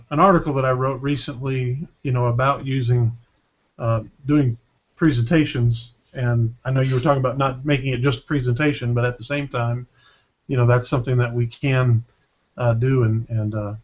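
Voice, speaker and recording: A man's voice: mid-range voice, lo-fi sound. A man hosting a podcast panel in casual chat, full of fillers and restarts, handing the floor to guests. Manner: hesitant, many fillers, friendly moderating. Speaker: podcast host.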